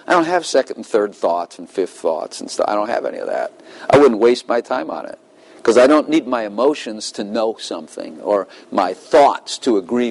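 A man's voice: fairly low pitch, low-quality recording. A middle-aged man giving a conversational sermon, laughing often and acting out little dialogues with God. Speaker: preacher.

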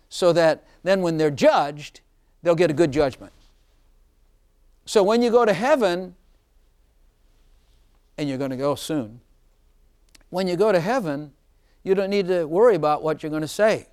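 A man preaching an informal sermon, chatty and often laughing, slowing down to stress scripture lines. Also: a little high, darkish tone, clean tone.

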